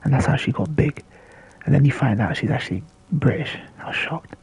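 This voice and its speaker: A man's voice: mid-range voice, expressive, fairly quick, creaky, a little mellow, slightly rough, rough recording. A man giving casual, rambling livestream commentary over a video game, swearing freely, restarting his sentences and often dropping to a near-whisper. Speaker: gameplay commentator.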